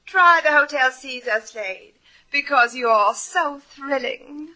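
A purring, teasing socialite. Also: female voice, sits high, lively intonation, heavy background noise. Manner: breathy, teasing, drawn-out purring. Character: flirtatious, theatrical rich woman. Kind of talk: 1940s radio acting.

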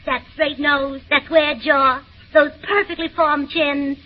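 A woman's voice: sits high, fairly even intonation, slow pace. A woman in a 1940s radio comedy, chirpy, scatterbrained and giggly. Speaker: comedy show co-star. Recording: dull old radio broadcast.

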